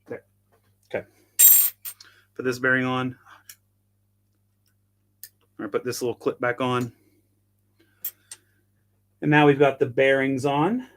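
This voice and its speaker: Host, male, tinkering on camera, bright tense voice; loose, self-mocking chatter. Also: mid-range voice, fairly even intonation, takes it slowly, long pauses. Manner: chatty, self-deprecating, thinks aloud while tinkering. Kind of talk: casual live product demo.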